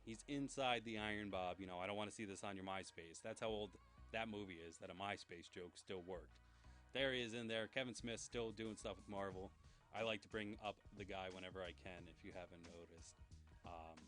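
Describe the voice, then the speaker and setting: A young man hosts his own pop culture news show, a casual solo program where he chats in a rambling, enthusiastic way. His voice is lowish with a fairly bright tone.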